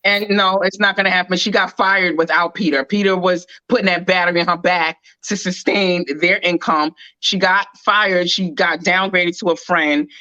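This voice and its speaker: A woman's voice: on the low side, sharp tone, no room sound, poor audio. A woman co-hosting a casual gossip chat, rambling and judgmental, full of filler words. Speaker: co-host.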